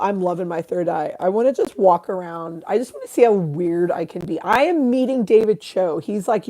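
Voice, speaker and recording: A woman's voice: lowish voice, warm tone. A woman in her thirties hosting a casual livestream, rambling, swearing freely and reading out chat comments. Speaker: livestream host.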